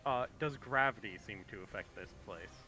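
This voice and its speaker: A man playing a tabletop game, making deliberate, measured requests of the game master. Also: fairly low pitch, sharp tone, soft background music, low-quality recording. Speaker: player.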